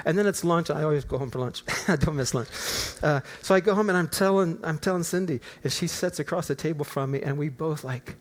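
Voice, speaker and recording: A man, an older pastor, preaching a storytelling sermon in a church, animated and swinging from quiet asides to near-shouts. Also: on the high side, fairly quick, few pauses. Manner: animated, rising to near-shouts in acted prayers. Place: church auditorium.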